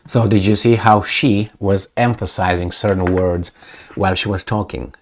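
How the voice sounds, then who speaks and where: A man's voice: deep voice, little pitch movement, moderate pace, a little hiss or hum. A man giving casual, sarcastic commentary on news clips, with many fillers and restarts.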